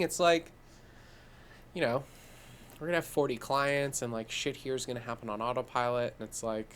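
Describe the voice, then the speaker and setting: A man's voice: mid-range voice, moderate pace, pauses often, a little hiss or hum. A man co-hosting a podcast, talking casually and swearing freely as he tells stories. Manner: swears freely, animated storytelling with laughs. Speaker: podcast co-host. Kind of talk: casual conversation.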